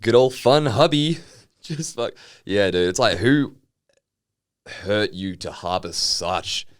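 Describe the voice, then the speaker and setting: A man's voice: lowish voice, animated, takes it slowly, dry recording, studio quality. A man co-hosting a podcast, bantering with crude jokes and swearing. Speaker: podcast co-host. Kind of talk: casual chat.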